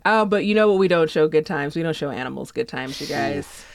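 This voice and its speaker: A woman's voice: low voice, expressive, brisk, no room sound, studio quality. A woman co-hosting a casual talk show, chatty and playful, laughing often. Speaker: podcast co-host. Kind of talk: casual chat.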